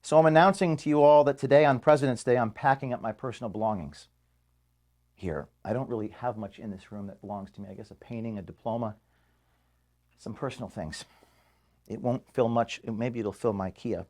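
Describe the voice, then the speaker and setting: A man in his thirties giving an emotional farewell speech to his staff in an office, halting and restarting as he speaks. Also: medium pitch, a little mellow. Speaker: organization founder addressing staff. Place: office, indoors.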